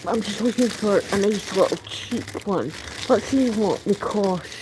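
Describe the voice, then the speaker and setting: A Scottish woman strolls outdoors along the street and into shops, livestreaming casual, rambling chat that tends to trail off mid-sentence. She talks unhurriedly in a mid-range voice, with street noise and passing traffic in the background.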